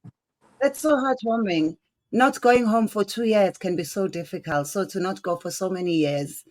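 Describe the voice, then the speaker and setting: A woman hosts a relaxed interview, asking questions in a mid-pitched voice. She responds to her guest with encouragement and keeps the conversation easy. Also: normal speed. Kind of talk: casual interview chat.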